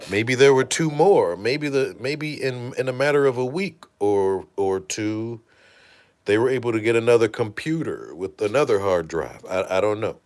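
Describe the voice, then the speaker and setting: Animated, profane male livestream host. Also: mid-range voice, normal speed. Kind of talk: casual livestream commentary.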